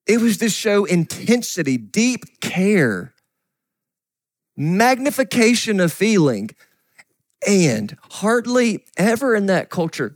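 A middle-aged man preaching a sermon as a pastor, earnest, often sinking to a soft whisper. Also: high-pitched, no room sound, studio quality. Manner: earnest, drops to soft whispers for quoted grief.

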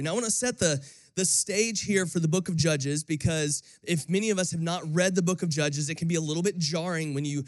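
A man's voice: fairly high pitch, a little fast, dry recording. A young man from Florida, a pastor, giving a sermon that opens with a casual story told with many fillers.

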